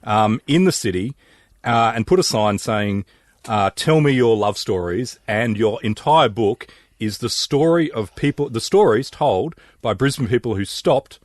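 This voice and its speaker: Australian male podcast host, mid-pitched, dry close sound, hesitant casual phrasing. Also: animated, measured pace, no echo. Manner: hesitant, full of fillers when setting up a question. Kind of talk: casual interview chat.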